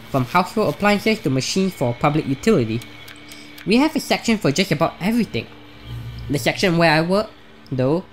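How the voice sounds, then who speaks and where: A woman hosting a let's play, reading a visual novel's narration aloud in a chatty, lightly wry way. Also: low-pitched.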